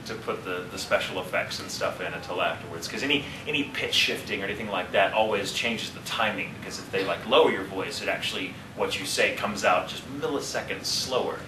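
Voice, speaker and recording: A man in his thirties, a voice actor answering fan questions at a convention panel, talking in an animated, joking way and wandering off into tangents. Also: deep voice, brisk, hardly any pauses. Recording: roomy, distant, noisy audience recording.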